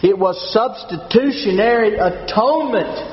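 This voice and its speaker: A man preaching a sermon as pastor, with a measured, solemn and emphatic cadence. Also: sits high. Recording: dull sound with long hall reverb.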